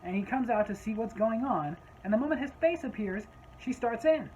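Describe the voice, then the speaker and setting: A woman's voice: on the high side, lively intonation, moderate pace, warm tone, slight background noise, low-quality recording. Woman storyteller, casual vlog delivery, wry and exasperated tone. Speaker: storyteller, former gas station clerk.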